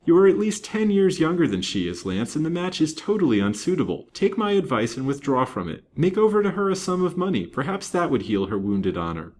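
A blunt, protective old banker , as a male reader puts him on, speaking grimly and forthrightly. His voice rides noticeably higher than the reader's own and pushes louder on its emphatic words. It is a storybook reading. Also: big pitch swings, a little fast, few pauses, a little hiss or hum. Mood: earnest warning. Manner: grim, forthright.

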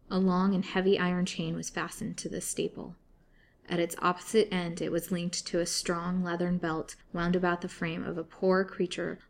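A woman reading a gothic novel aloud as storyteller, in a measured, dramatic way. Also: on the low side, gravelly.

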